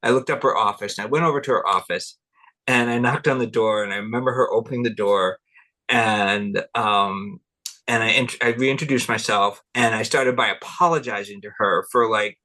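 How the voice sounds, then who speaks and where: A man's voice: lowish voice, normal speed, pushed and bright. A middle-aged man, a cultural anthropologist guest, telling rambling stories in an interview, laughing often and acting out what people said. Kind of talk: relaxed interview storytelling.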